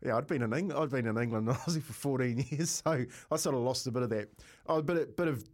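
Middle-aged New Zealand man, animated yarn-spinner with a steady mid voice and frequent laughs, radio studio chat. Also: medium pitch, fast talker. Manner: animated storyteller, laughs often, calls people mate. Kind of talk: casual chat, anecdote.

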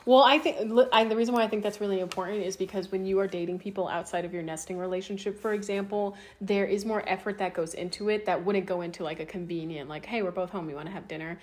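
A woman co-hosting a podcast in easy, casual conversation. She jokes constantly and rambles through her points in a playful way. Her voice sits at a middle pitch for a woman. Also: steady tone, quick pace, few pauses. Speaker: podcast co-host. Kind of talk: casual chat.

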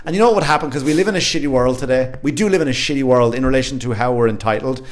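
A man's voice: medium pitch, very fast. A man hosting a casual podcast chat, telling stories with lots of swearing and acted-out voices. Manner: animated storyteller, swears freely, acts out voices.

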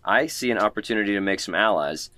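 Low-voiced man playing a tabletop game. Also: quick pace, pushed and bright, no echo. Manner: easygoing, thinks aloud. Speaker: player.

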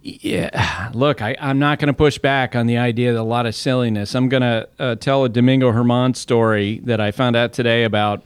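A man's voice: mid-range voice, fairly even intonation, normal speed, few pauses, clean tone, no echo. A man talking baseball as an analyst on a casual podcast, telling stories conversationally, with restarts and laughs.

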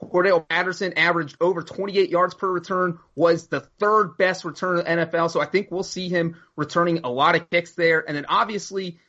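A man co-hosting a sports podcast breaks down player signings casually, in a fast, stat-heavy analysis packed with numbers. His voice sits high, with a steady, sharp tone, and the audio is dull and lo-fi.

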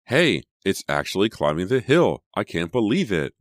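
A man voicing an excitable, suspicious teenage girl in an audiobook, in a raised, emphatic voice. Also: sits low, moderate pace, no room sound, clean studio sound. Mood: excited.

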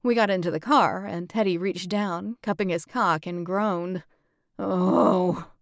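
A woman narrating a first-person audiobook in a steady, matter-of-fact way. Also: lowish voice, moderate pace, no room sound, clean studio sound.

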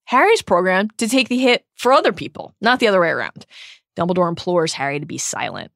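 A woman co-hosting a podcast, recapping book chapters in brisk summary with emphatic asides. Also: fairly low pitch, big pitch swings, creaky, fairly bright tone, no room sound, clean studio sound. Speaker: podcast co-host.

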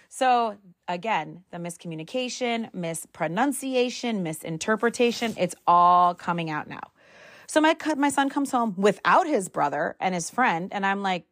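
Wry middle-aged mom telling a story. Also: female voice, medium pitch, normal speed, no echo, studio quality. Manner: animated, wry, exasperated humor; acts out dialogue with "I'm like". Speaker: mother telling a family story. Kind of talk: casual storytelling to camera.

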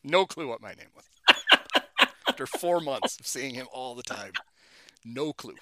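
In a medium-pitched voice at a measured pace, a middle-aged man shares lively baseball-era stories during a casual chat as a guest, performing the voices of those he quotes. There's no echo on the recording.

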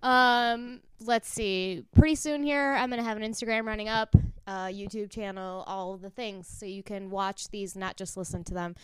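A woman's voice: medium pitch, fairly even intonation, normal speed, few pauses, fairly bright tone, clean tone, no echo. A woman hosting a casual comedy podcast who speaks in a playful, bossy way while directing the others. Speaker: podcast host.

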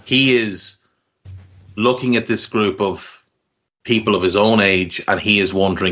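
Low-voiced man musing on a film. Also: fairly even intonation, sharp tone, muffled recording. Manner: measured, thinks aloud with repeated words. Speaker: podcast co-host. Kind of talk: casual film review chat.

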